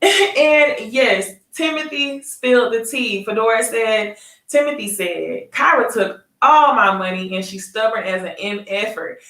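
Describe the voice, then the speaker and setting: A woman's voice: on the high side, a little slow, a bit bright, echoey room, recorded from a distance. A woman hosting a casual live recap of a reality dating show, chatting straight to her viewers and laughing often. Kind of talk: casual live review chat.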